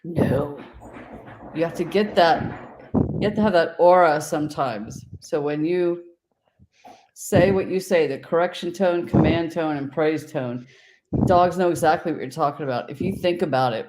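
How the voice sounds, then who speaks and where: A woman's voice: sits low, normal speed, a little mellow. Woman dog trainer, direct and confident, on a noisy video call. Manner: direct, confident, demonstrates tones of voice. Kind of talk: casual instructive chat.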